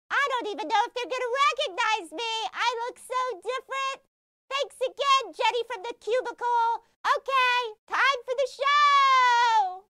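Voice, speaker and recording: A performer voicing an excitable, chirpy cartoonish announcer who introduces the show. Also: measured pace, a little hiss or hum, exaggerated voice. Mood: excited. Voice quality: very high, squeaky.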